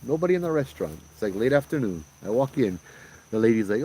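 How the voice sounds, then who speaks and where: A middle-aged podcast host from Hawaii, speaking with a Hawaiian Pidgin accent, runs a casual chat and tells laid-back stories with animated quoted voices and plenty of laughs. His voice is medium-pitched and his pace quick.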